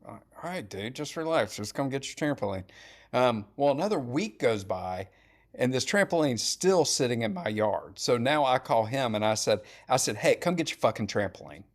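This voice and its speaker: A middle-aged man telling animated, blunt and profane stories in casual podcast chat. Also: mid-range voice, normal speed.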